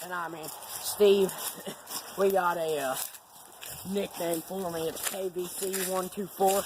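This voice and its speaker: A man's voice: high-pitched, steady tone, takes it slowly. Give me a young man with a drawl telling crude, joking stories outdoors, with noisy camera sound. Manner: profane, joking, rambling. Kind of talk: casual rambling storytelling.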